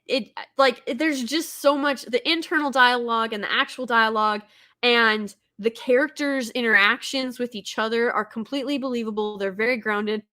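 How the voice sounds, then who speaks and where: Casting note: woman, bright and fairly high, chatty movie-fan host with lots of fillers. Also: normal speed. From Texas. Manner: chatty, enthusiastic, many fillers and restarts. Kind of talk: casual movie commentary.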